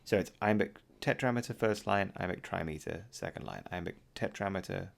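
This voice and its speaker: Man with a deep, gravelly voice teaching. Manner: talks through a poem, reading lines aloud and pausing with ums and uhs. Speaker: English teacher. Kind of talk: recorded poetry lesson.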